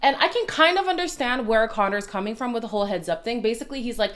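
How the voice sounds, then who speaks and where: A woman's voice: on the high side, lively intonation, fast, few pauses, fairly bright tone. A woman hosting a reality TV recap video in casual commentary, opinionated and sassy, who repeats her lines for emphasis.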